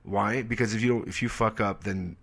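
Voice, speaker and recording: Man in his forties, low voice, animated storyteller, swears casually, acts out other voices, casual interview. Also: a little fast, gravelly. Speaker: comedian guest.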